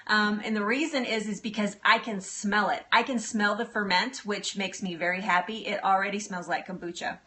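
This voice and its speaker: A woman's voice: mid-range voice, steady tone, moderate pace, few pauses, bright, forceful tone. A middle-aged woman hosting a casual live stream, bubbly and giggly as she answers viewer comments. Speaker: livestream host.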